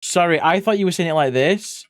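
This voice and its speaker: A British streamer hosting a guest in casual live-stream chat, playful and quick to giggle. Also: medium pitch, no echo, clean studio sound. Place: home streaming setup.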